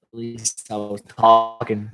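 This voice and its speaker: A woman co-hosting a casual podcast, recapping a horror film with lots of laughter and quick impressions of the characters. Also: loud music behind the voice. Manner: animated, laughing, mimics characters in high voices. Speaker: podcast co-host. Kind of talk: casual movie-recap chat.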